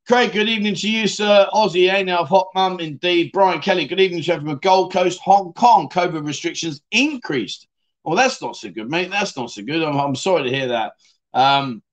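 Middle-aged bloke rambling on a livestream, matey, slightly high voice, reads chat out loud. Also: male voice. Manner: chatty, rambling, matey, reads comments aloud. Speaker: livestream host. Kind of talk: casual livestream chat reading viewer comments.

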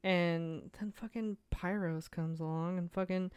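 A young woman in casual podcast chat with a smooth, clear voice. She sounds emotional and expressive, often trailing off mid-thought. The recording is dry and close. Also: lowish voice, unhurried, dry recording. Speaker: podcast co-host.

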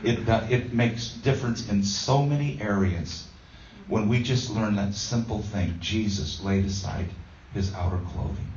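A man's voice: on the low side, measured pace, a little mellow. A man giving a conversational sermon as a pastor, telling a self-deprecating story with plenty of fillers. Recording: roomy, distant, dull sound.

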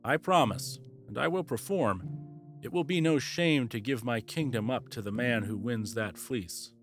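A man reading aloud, voicing a scheming older male king in a storybook, speaking in a gentle, persuasive way. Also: medium pitch, moderate pace, over music, natural voice. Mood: solemn.

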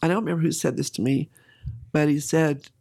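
A woman's voice: low-pitched, steady tone, fairly quick, vocal fry, warm tone, husky. A middle-aged woman candidly telling a personal story in an interview, with emotion and occasional laughter.

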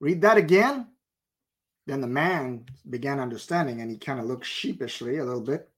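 A middle-aged man preaching a sermon, telling a story and acting out the people in it with lively voices. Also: mid-range voice, a little fast. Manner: animated storyteller acting out characters.

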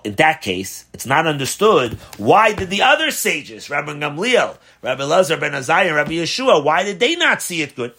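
A rabbi teaching a class on a religious text, posing questions and answering them in a conversational, animated way. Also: male voice, on the high side. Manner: asks rhetorical questions, animated emphasis. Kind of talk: Torah class explaining a text.

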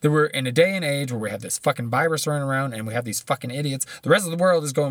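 A man's voice: mid-range voice, fast talker, few pauses, a bit bright, dry recording, studio quality. A man giving blunt, profane, rambling commentary, often restarting his sentences.

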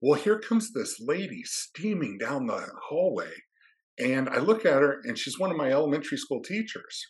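A man's voice: mid-range voice, big pitch swings, normal speed. A man, an athletic administrator, telling a story in a dry, understated way as a podcast guest.

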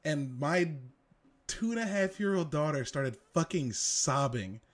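A man's voice: a little high, expressive, unhurried, a crowd in the background. A man co-hosting a podcast in casual chat, telling stories animatedly and swearing freely. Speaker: podcast co-host.

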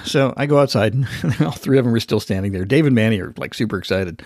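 A man hosting a podcast, telling a story in an animated, casual way and acting out the voices of the people in it. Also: medium pitch, fast, no echo, clean studio sound. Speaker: podcast host.

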